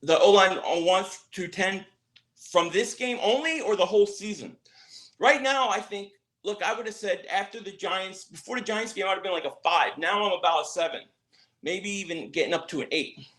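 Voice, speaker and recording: A man hosting a casual sports livestream, excitable, repeating words and answering viewer chat. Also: high-pitched, normal speed.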